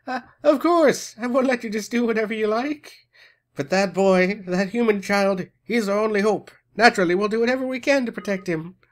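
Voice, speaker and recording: A man doing a high earnest time goddess. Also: moderate pace, lightly acted. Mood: urgent.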